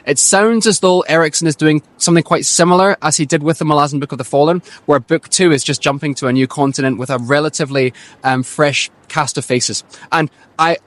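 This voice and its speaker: A young man hosting a book channel, chatting eagerly about his reading plans outdoors, loud into the mic with tinny audio. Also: on the high side. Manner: chatty, enthusiastic, quick-talking. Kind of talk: casual book talk to camera.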